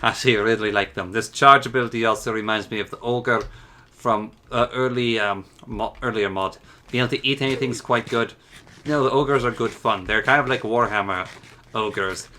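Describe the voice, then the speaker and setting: Enthusiastic male gaming host, casual commentary, bright voice. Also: mid-range voice, moderate pace. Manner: chatty, enthusiastic. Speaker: mod showcase host.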